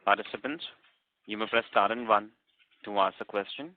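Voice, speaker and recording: A man's voice: on the low side, normal speed, slight background noise. A man moderating a conference call, polite and formal. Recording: tinny phone line.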